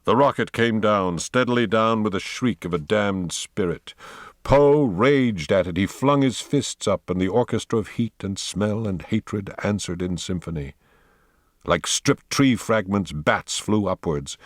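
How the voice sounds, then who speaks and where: Guy reading an audiobook real slow, low voice, dry close sound. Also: no room sound. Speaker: audiobook narrator. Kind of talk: scripted narration.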